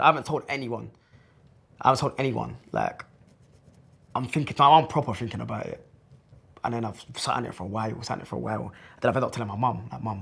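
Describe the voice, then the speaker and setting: A man's voice: medium pitch, gravelly, a bit bright, breathy edge. A man in his twenties, a former footballer, telling his story in a loose, chatty way full of slang fillers. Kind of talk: casual storytelling to camera.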